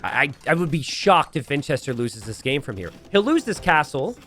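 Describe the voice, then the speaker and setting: A man's voice: on the high side, sing-song, brisk, fairly bright tone, soft background music. A man streaming live game commentary from his home setup, rambling into self-deprecating jokes and asides. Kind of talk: live game commentary mixed with casual chat.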